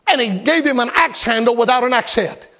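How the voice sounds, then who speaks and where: A Baptist preacher delivers a revival sermon in a strikingly high, gravelly voice. He is emphatic and dramatic and hammers home his points by repeating them. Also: fairly quick, bright, forceful tone.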